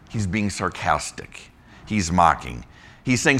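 A male pastor teaching a Bible lesson in a conversational, animated way, often asking rhetorical questions. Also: low voice, unhurried, long pauses.

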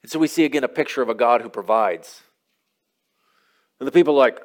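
A man's voice: medium pitch, brisk. A man preaching a sermon as pastor, retelling a scripture story in a casual, conversational way with offhand asides.

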